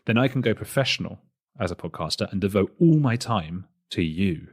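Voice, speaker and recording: A man's voice: fairly low pitch, expressive, moderate pace, darkish tone, husky. A man hosting a podcast, giving a chatty, rambling solo introduction with self-deprecating asides. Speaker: podcast host.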